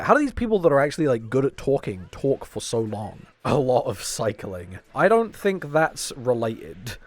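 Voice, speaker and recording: Young male streamer, animated and jokey, strained voice, dry close sound. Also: mid-range voice, normal speed, hardly any pauses, dry recording. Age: 20s. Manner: rambling, jokey, swears often. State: strained, tired voice. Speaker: fighting game podcast co-host. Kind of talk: casual stream chat.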